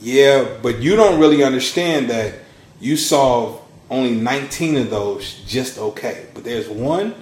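A man in his thirties, a podcast guest telling his story in a casual, animated way. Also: measured pace, reverberant. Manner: animated storyteller, acts out quotes with big pitch swings. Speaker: podcast guest, launch strategist.

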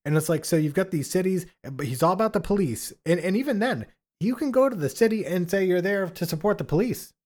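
Man, podcast co-host, indignant, says "like" a lot, mimics quotes, slightly high voice. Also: animated, quick pace, hardly any pauses, a little mellow. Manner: indignant, lots of "like", acts out quotes. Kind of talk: casual political chat.

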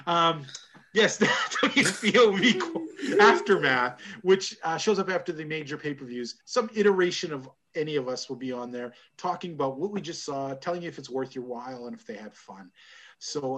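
A man's voice: fairly high pitch, lively intonation, moderate pace, sharp tone. A man hosting a casual wrestling podcast, rambling and laughing often. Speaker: podcast host. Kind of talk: casual chat.

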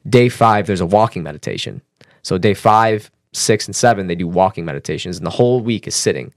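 Lively low-voiced man telling a story. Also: fairly quick, dry recording, clean studio sound. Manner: animated, acts out quotes with raised pitch; swears casually, frequent fillers like "like" and "man". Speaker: podcast guest. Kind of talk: casual personal storytelling.

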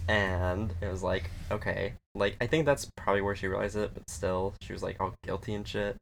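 Low creaky guy rambling about a movie, swears a lot, does little voices for the characters. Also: fairly even intonation, brisk, hardly any pauses, a little hiss or hum. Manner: rambling, profane, laughing, quoting film scenes in little voices. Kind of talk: casual chat.

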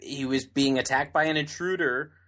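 A man co-hosting a podcast in casual banter, with dry, deadpan sarcasm. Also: medium pitch, moderate pace. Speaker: podcast co-host.

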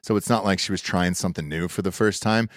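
A man hosting a casual podcast in a studio, talking loudly and profanely and jumping into hype-man shouts. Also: low-pitched, fast talker, dry recording. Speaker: podcast host. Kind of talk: casual banter. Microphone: studio mic.

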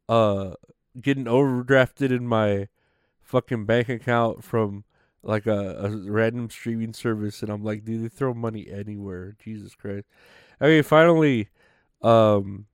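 A man riffs loosely on a comedy podcast, cursing and trailing off with fillers. His voice is smooth and clear. It sounds dry and close, with no room echo. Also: mid-range voice. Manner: rambling, profane, full of fillers. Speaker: podcast host. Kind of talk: casual comedy podcast monologue.

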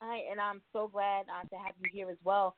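A woman's voice: mid-range voice, little pitch movement, brisk, noisy background. A woman hosting an interview, chatty and full of fillers. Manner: chatty, warm introductions with fillers. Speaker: radio show host. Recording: tinny phone-like line.

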